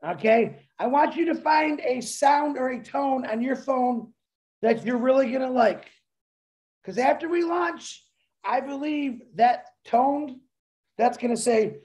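Excitable, rambling man on a video call. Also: very high voice, measured pace. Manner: excitable, laughs while talking. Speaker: webinar co-presenter. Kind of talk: excited rambling pep talk.

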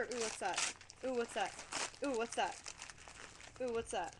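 Excitable high-voiced young woman. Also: unhurried, long pauses, noisy background. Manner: excitable, swears a lot, giggly and chatty. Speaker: vlogger. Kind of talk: casual webcam vlog, unboxing a package. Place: her room, indoors. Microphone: webcam.

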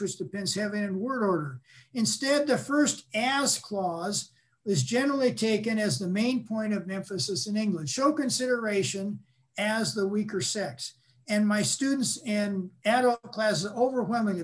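An older man lecturing, explaining patiently and pausing to restate his points. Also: sits high. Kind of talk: academic lecture.

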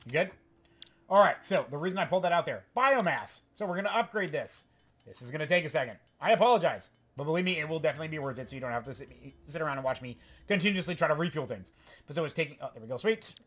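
Excitable man playing a game on stream. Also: fairly high pitch, fast. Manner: excitable, rambling, talks to himself. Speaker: let's play host. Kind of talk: casual gameplay commentary.

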